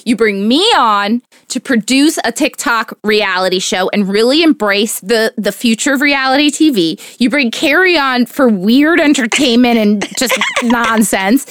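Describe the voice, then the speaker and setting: A woman's voice: a little high, measured pace, fairly bright tone. A woman in her thirties co-hosting a podcast, gossiping and giving strong opinions in casual chat. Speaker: podcast co-host.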